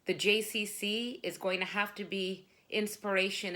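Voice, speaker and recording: Woman, spoken word poet, mid-range pitch, dramatic delivery with sudden loud bursts. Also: steady tone, normal speed. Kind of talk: spoken word poetry performance.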